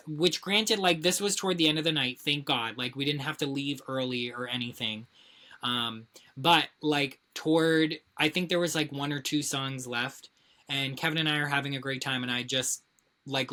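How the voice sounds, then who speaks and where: Low-voiced woman telling a story. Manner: animated storyteller, frequent swearing and filler "like". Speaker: podcast co-host. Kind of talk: casual chat, storytelling.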